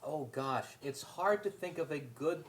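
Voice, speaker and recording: A man on a panel who tells a theater story in a halting way, searching for his words. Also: fairly high pitch, animated, a little hiss or hum. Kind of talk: casual storytelling.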